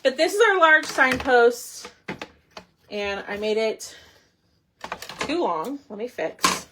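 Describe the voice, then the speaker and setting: A woman's voice: fairly high pitch, big pitch swings, slow, background noise. A woman hosting a casual crafting livestream, chatting and thinking aloud as she works. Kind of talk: casual live crafting chat.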